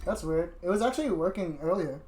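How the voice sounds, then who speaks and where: A man's voice: high-pitched, expressive, brisk, a little mellow, slightly rough. A man streaming a game, talking casually to viewers with lots of fillers. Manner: chatty, many fillers like "like" and "you know". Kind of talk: casual let's play commentary. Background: background music.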